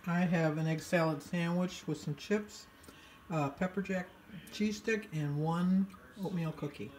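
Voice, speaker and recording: A woman vlogging her weight-loss diary in a casual, chatty way, an animated storyteller who acts out both sides of conversations, upbeat and self-deprecating. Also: fairly low pitch, a little slow, slight background noise.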